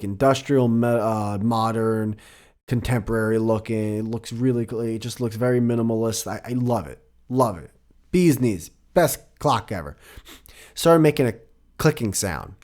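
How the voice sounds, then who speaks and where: A middle-aged man hosting a solo podcast, rambling casually with a lot of swearing and self-deprecating jokes. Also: on the low side. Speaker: podcast host.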